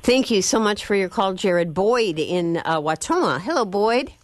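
A woman's voice: mid-range voice, animated, normal speed, no echo. A woman hosting a call-in radio show, with brief interjections as she introduces and thanks callers. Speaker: radio talk show host.

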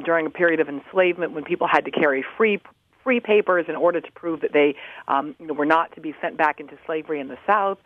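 A woman professor answering interview questions over the phone, thoughtful, with many ums and restarts. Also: low-pitched. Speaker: professor and guest commentator. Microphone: telephone. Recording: tinny phone line.

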